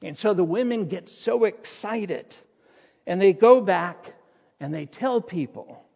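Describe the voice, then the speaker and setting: A man's voice: sits high, animated, slow pace, creaky, a little mellow, big-room sound. A male pastor preaching a sermon in a church, in a storytelling manner.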